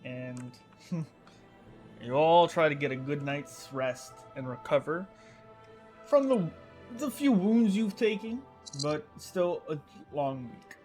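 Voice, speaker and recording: A man narrating as game master of a tabletop game, in a slow, relaxed way. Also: on the high side, soft background music.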